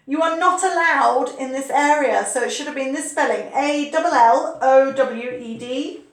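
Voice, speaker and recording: A woman's voice: sits high, normal speed, reverberant. A woman, teaching a spelling lesson, patiently repeating words and spelling them out letter by letter. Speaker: English teacher. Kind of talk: online English spelling lesson.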